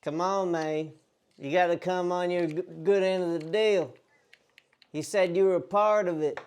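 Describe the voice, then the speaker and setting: A man's voice: sits high, fairly even intonation, moderate pace, darkish tone, clean tone, close to an everyday voice. A man doing a profane, pushy debt collector. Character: aggressive man threatening a stranger over a debt. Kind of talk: prank phone call. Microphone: podcast mic.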